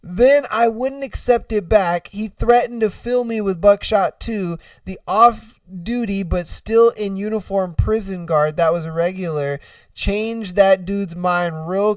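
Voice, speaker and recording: A man hosting a podcast, telling stories in an animated, profane way and laughing often, recorded dry and a little away from the mic. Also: high voice, slow pace, no echo, far from the mic. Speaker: podcast host. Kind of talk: casual storytelling and reacting.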